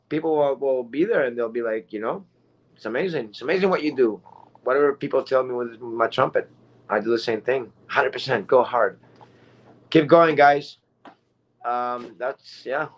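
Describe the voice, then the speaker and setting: A man's voice: mid-range voice, moderate pace, muffled recording. A man giving a rambling motivational talk as a guest speaker, full of fillers and repeated words. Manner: rambling, repetitive, with many fillers.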